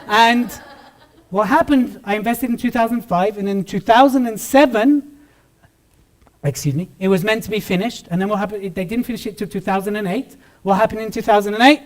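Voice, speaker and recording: Upbeat British man with a high voice. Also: a little fast. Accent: British English. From Britain. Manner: lively, joking with the crowd. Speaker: keynote speaker. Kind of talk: motivational stage talk. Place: stage before a live audience.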